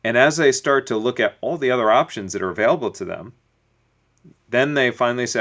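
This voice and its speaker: A man, a business coach as guest, explaining points through acted-out everyday stories in a relaxed interview. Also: mid-range voice, fairly quick. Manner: storytelling, acts out little dialogues. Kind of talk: conversational podcast interview.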